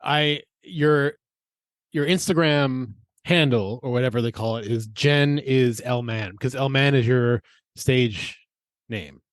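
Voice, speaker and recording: A man's voice: mid-range voice, slow, dry recording. A man hosting a podcast, chatting casually in an easygoing, self-deprecating way. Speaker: podcast host.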